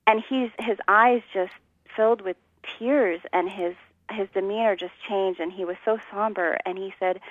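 A woman's voice: medium pitch, fairly even intonation, normal speed, no room sound, narrow, tinny audio. A woman earnestly telling her personal testimony in a conversation, acting out the voices of people in her story. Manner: earnest storytelling, acts out quotes, laughs often.

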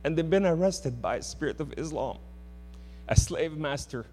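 A man preaching a sermon in church, impassioned, swinging between loud outbursts and hushed words. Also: fairly high pitch, animated, moderate pace. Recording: hum in a reverberant hall.

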